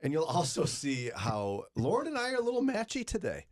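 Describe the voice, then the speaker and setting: A man's voice: fairly high pitch, wildly swooping pitch, a little fast. A man hosting a morning radio show, chatting and joking with guests and reading out phone numbers. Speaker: radio host.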